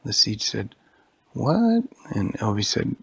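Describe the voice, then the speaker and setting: A man improvising a bedtime story for a child in a quiet bedroom, soft and meandering. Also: lowish voice, steady tone, brisk, vocal fry, slightly rough, no echo. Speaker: father telling a bedtime story.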